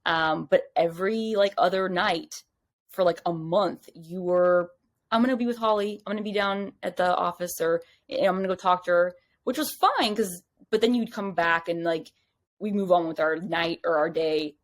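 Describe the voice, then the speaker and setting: A woman as a podcast guest, telling a story in casual chat, rambling and animated, full of "like" and acted-out quotes. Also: fairly low pitch, normal speed.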